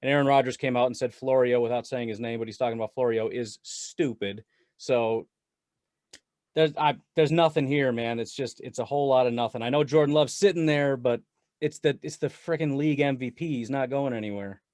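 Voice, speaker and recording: A man talking sports as a guest on a casual podcast, animated and rambling with frequent laughs. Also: mid-range voice, brisk, no room sound, studio quality. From Wisconsin. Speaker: guest Packers commentator.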